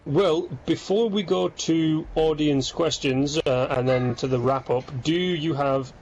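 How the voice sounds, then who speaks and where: A man's voice: on the high side, a little slow, dull audio, slight background noise. Rambling sleepy man. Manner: rambling, self-interrupting, animated impressions. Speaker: podcast co-host. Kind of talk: casual gaming chat.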